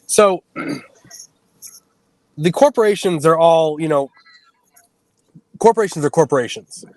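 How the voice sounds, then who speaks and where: A man talking in a casual chat as a guest, halting and restarting often. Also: a little high, darkish tone, dry recording, rough recording.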